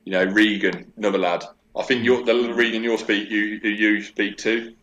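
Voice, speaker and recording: A man's voice: lowish voice, moderate pace. A man in his forties, a guest in a casual interview, chatting and telling stories with lots of fillers. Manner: chatty, animated storytelling with many fillers.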